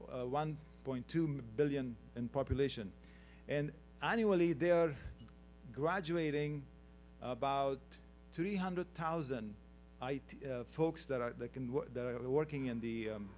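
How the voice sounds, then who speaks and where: A man's voice: fairly high pitch, darkish tone, a little hiss or hum. Afghan-accented man giving a slide presentation. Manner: conversational, teasing the audience, calls for next slides. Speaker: conference panel speaker.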